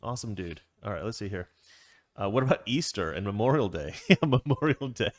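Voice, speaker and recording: Man hosting a livestream, casual chat, lively pitch, dry close sound. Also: a little fast, no echo. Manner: animated, acts out voices when telling a story. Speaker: livestream host.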